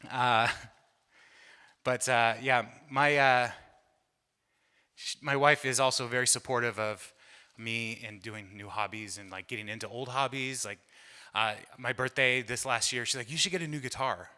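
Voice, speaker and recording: A middle-aged man doing stand-up, telling a chatty, self-mocking story that builds to loud bursts. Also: mid-range voice, fairly even intonation, unhurried, long pauses, clean tone. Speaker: stand-up comedian. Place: church hall. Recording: live room with long reverb.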